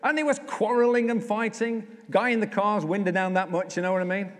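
A man, a vicar, preaching a conversational sermon with humour, slowing down to stress key lines, in a church. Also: high-pitched, fairly even intonation. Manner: conversational, humorous, slows down for emphasis. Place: church, indoors. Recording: echoey church hall.

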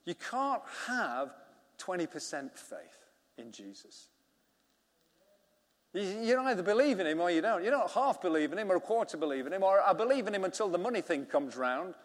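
A middle-aged man, preaching a sermon as a vicar and telling a story with acted-out dialogue. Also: sits high. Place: church hall. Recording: long reverb of a church hall.

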